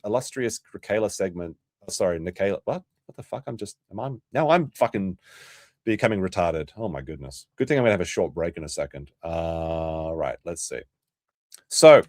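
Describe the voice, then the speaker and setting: A man hosting a live-stream commentary show, casual and profane, mocking his subjects and often breaking into loud laughter. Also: fairly low pitch, no room sound, clean studio sound. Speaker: livestream commentary host.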